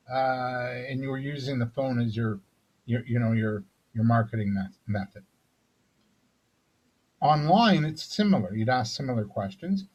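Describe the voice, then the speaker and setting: In a recorded sales seminar, a man gives a conversational business coaching talk on selling, often checking in with "right?" and restarting phrases. His mid-range voice is a little mellow and husky, and the sound is lo-fi.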